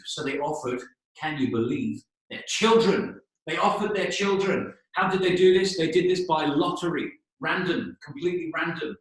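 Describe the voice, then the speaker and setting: A man's voice: on the high side, fairly bright tone. Echoey, slightly distant male English teacher. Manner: explains slowly, checks in with "okay?", spells out words. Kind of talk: storytelling lesson for learners. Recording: echoey room, voice a bit distant.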